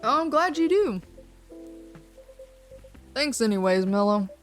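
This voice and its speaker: A woman's voice: fairly high pitch, sing-song, slow pace, faint music behind. A woman voicing a kind, attentive café barista in a cozy game. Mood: friendly. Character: kind café barista serving night guests.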